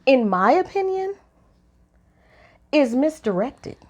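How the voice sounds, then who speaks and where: A woman co-hosting a relationship podcast, talking in a lively, opinionated way, her voice jumping up high when she is incredulous. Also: slow. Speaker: podcast co-host. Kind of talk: casual opinion chat.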